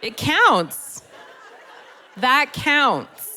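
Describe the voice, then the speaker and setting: A woman's voice: high voice, sing-song, bright, forceful tone, some chatter behind. A middle-aged woman performing self-deprecating stand-up comedy on a church hall stage, chatty and conversational. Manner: self-deprecating, conversational, pausing for audience laughs. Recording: long hall reverb.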